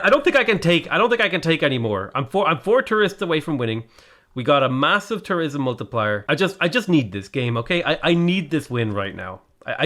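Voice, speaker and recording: A man's voice: mid-range voice, a bit bright. A man giving casual commentary over his strategy game, exasperated and self-mocking, rambling about his bad luck. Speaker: gaming video creator.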